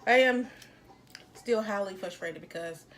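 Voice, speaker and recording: A woman's voice: mid-range voice, a little slow, background noise. A woman and mother eating on camera at home, chatting casually to her viewers between bites. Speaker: mother and mukbang vlogger. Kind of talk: casual eating vlog chat. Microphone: phone on a tripod.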